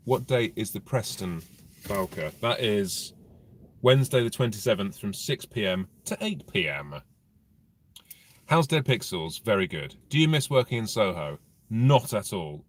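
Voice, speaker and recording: A man's voice: fairly low pitch, a little hiss or hum. A man doing a casual live Q&A with viewers from inside a car, rambling and blunt, with dry humour and plenty of swearing. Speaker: motorcycle vlogger answering viewer questions.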